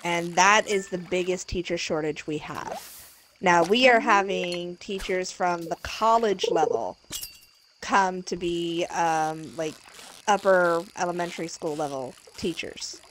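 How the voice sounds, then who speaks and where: A woman's voice: on the low side, unhurried, fairly bright tone, a little hiss or hum, rough recording. A woman chatting casually on a game stream, blunt and sarcastic, laughing often. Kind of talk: casual chat.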